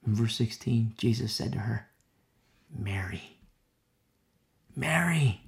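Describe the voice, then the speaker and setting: Gravelly voice, preacher, impassioned sermon, hushed whispers, repeated phrases. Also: medium pitch, normal speed. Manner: impassioned, swinging between loud emphasis and hushed whispers. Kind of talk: expository sermon.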